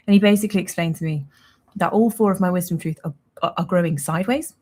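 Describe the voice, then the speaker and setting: A woman's voice: lowish voice, fast, a little mellow. A young woman hosting a casual livestream, chatting in a rambling, self-mocking way and laughing often. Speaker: livestream host.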